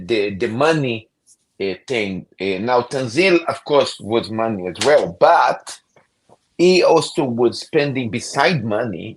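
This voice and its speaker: A man chatting on a livestream, speaking haltingly with frequent restarts and searching for words. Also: medium pitch, a bit bright. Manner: halting, restarts, non-native phrasing. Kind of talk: casual livestream chat.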